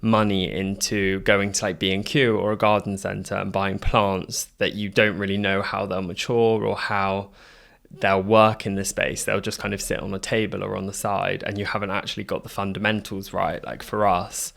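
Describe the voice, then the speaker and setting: Low-leaning and a bit bright, this man's voice has vocal fry, little pitch movement, and a normal speed. He's co-hosting a design podcast in casual chat mode, leaning heavily on fillers such as a frequent "like".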